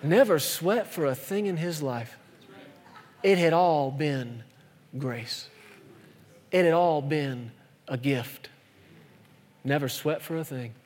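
A man delivering a sermon in a slightly higher-than-usual voice, driving his points home with rhetorical questions. He speeds up and then slows almost to a crawl for emphasis. His voice rings with a long hall reverb. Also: a little mellow. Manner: emphatic, rhetorical questions, shifts between fast and slow delivery. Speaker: preacher.

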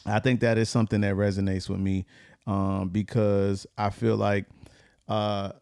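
Casting: laid-back male podcast co-host, low gravelly voice, dry close sound. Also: measured pace, dry recording. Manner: relaxed, laid-back with many fillers. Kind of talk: casual chat with a short scripture message.

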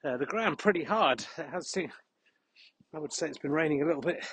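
A slightly high-voiced man talks while out walking in a cold, windy field. He is breathing heavily, and he rambles in a deadpan, mock-serious, self-deprecating way. Faint wind and a dog can be heard behind him. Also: fairly quick. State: a little unwell. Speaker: podcast host. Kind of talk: rambling outdoor monologue.

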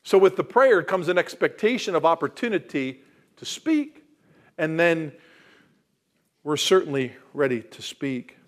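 A male pastor delivering a sermon, swinging from loud emphatic declarations to quiet asides and questioning the congregation. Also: fairly high pitch, big pitch swings, a little slow.

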